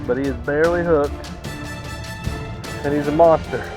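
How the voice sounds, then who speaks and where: A man fishing from a kayak outdoors, talking to the camera with excited, repeated exclamations and out of breath. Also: fairly high pitch, normal speed, music in the background. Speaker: kayak angler. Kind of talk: excited on-the-water fishing commentary. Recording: dull lo-fi camera audio.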